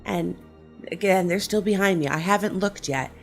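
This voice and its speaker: Low-voiced, sarcastic middle-aged woman. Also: moderate pace, vocal fry, soft background music. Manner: sarcastic, profane, storytelling. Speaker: horror vlogger. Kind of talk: casual rant.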